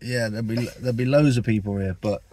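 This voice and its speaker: A man's voice: mid-range voice, fast, mellow. A young man chatting casually to viewers in a travel vlog, rambling and joking. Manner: rambling, jokey, talks to viewers. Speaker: vlogger.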